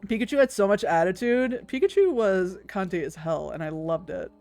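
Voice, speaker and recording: A woman's voice: mid-range voice, lively intonation, moderate pace, darkish tone, faint music behind. Giggly woman streamer chatting. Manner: giggly, swears freely, coos over cute things. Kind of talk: casual chat with stream viewers.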